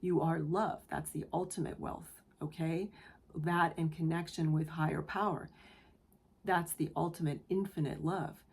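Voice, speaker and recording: A woman's voice: deep voice, steady tone, unhurried, slightly rough. A woman hosting her own channel, giving an earnest, affirming tarot reading to her viewers, moved close to tears. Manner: gentle, earnest, affirming; emotional, near tears. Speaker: tarot reader, channel host. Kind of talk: spiritual tarot reading to camera.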